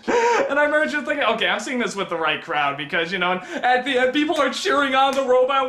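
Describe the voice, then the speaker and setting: A man's voice: very high-pitched, expressive, a little fast, sharp tone, echoey room. A man giving a casual spoken film review, rambling with lots of ums and frequent chuckles.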